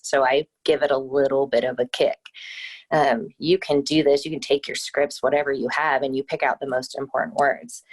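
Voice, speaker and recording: Low-voiced woman coaching on speech. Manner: upbeat, explanatory, emphatic. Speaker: podcast guest, speech coach. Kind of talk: casual interview chat.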